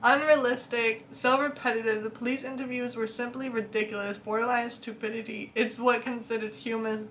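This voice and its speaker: Young woman, book vlogger; chatty, laughs a lot, bright tense voice with a slightly high pitch, light background hiss. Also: a little fast, few pauses. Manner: chatty, laughs often, animated. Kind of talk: casual chat reacting to reviews.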